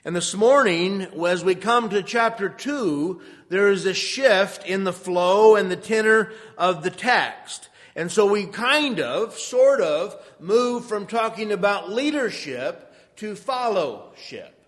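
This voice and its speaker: Male pastor with an unhurried, measured delivery, recorded with long echo in a sanctuary. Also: high-pitched, fairly bright tone. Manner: measured, deliberate scripture reading that turns conversational. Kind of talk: sermon. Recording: long reverb of a church hall.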